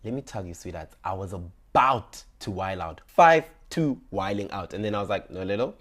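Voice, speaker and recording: A young man, telling a personal story in an animated, dramatic way and acting out his own dialogue. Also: sits low, moderate pace. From South Africa.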